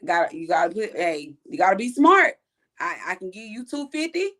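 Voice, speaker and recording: Expressive, profane woman telling stories. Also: mid-range voice, moderate pace. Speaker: podcast co-host. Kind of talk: casual chat.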